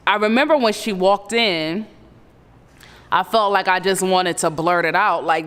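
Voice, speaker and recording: A woman in her thirties earnestly recounting a painful personal story, halting and full of fillers. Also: mid-range voice, fairly bright tone, long reverb tail. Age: 30s. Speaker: survivor telling her story. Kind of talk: personal testimony.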